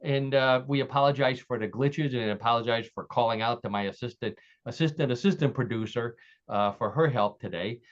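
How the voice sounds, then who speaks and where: A man's voice: medium pitch, a little fast. Male podcast host, chatty and loose, dull lo-fi sound. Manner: chatty, with restarts. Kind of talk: casual podcast hosting, reading quiz stories. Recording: dull lo-fi audio.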